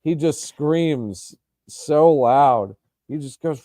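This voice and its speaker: A man's voice: a little high, extremely slow, warm tone, dry recording, clean studio sound. A man co-hosting a sports podcast, chatting casually and hesitantly, with plenty of restarts and ums. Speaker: podcast co-host.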